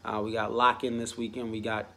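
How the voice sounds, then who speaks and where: A man's voice: lowish voice, little pitch movement, brisk, a bit bright. A man vlogging an exasperated opinion rant, stumbling into frequent restarts as he piles up his points.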